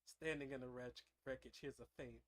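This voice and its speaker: A man co-hosting a livestream, telling an improvised story in a hushed, dramatic way and often breaking into laughter. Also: medium pitch, fairly even intonation, brisk. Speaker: streamer co-host.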